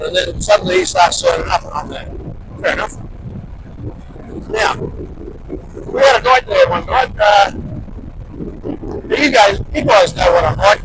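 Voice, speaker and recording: Australian man, vlogger, casual anecdote, very high voice, gravelly, loud emphatic bursts, street traffic noise behind. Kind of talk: casual storytelling to camera.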